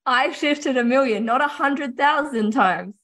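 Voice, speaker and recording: A woman hosting a mentoring podcast, reflecting and affirming her guest in relaxed, chatty conversation. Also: sits high, measured pace, slight background noise. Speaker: podcast host. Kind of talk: conversational interview.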